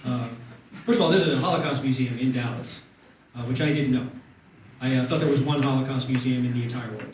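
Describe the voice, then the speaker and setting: Distant man doing stand-up in an echoey club. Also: mid-range voice. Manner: deadpan with fillers and quick put-on voices. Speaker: stand-up comedian. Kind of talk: stand-up set. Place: comedy club stage. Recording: distant echoey club recording with loud noise. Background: audience laughter.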